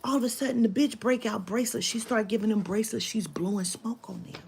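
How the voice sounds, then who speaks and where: A woman telling a story to camera, animated and profane, dropping into whispered asides. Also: medium pitch, quick pace, creaky, slightly rough. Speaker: spiritual reader telling a story.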